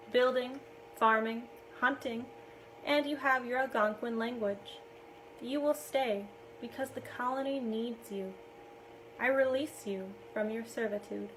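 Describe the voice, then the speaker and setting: A woman's voice: a little high, measured pace, fairly bright tone, slight background noise, poor audio. A woman reading as a wounded, grave captain. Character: wounded middle-aged male captain, commanding.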